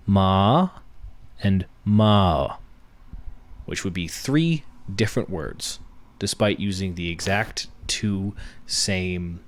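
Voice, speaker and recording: A young male podcast host with a deep, low voice. He talks through a workshop in a patient, teacherly manner, building each point from examples one step at a time. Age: young adult. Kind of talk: workshop-style podcast explanation.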